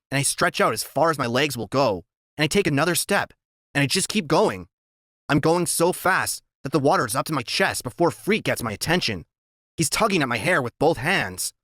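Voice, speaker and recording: A man reading a children's story aloud in the first person, telling it in a lively, expressive way. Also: mid-range voice, no echo, clean studio sound. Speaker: reader.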